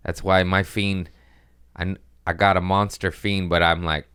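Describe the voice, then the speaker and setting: A man's voice: low voice, little pitch movement, unhurried, bright, forceful tone, clean tone, no room sound, studio quality. A man hosting a casual comedy podcast, rambling in a profane, self-mocking way. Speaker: podcast host. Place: at home, gardeners working outside.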